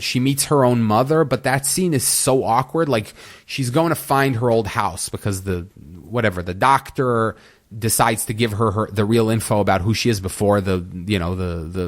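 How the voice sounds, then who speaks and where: A man hosts a solo review podcast at his own unhurried pace. He rambles through his points with restarts and fillers and sounds exasperated. His voice sits in an ordinary middle pitch. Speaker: podcast host.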